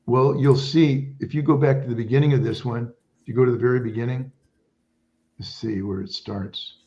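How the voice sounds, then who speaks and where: Appearing as a guest, a Vietnam veteran and author in his seventies rambles through stories in a relaxed conversation, frequently restarting his sentences. His medium-pitched voice is mellow with fairly even intonation and a moderate pace, though the recording is dull.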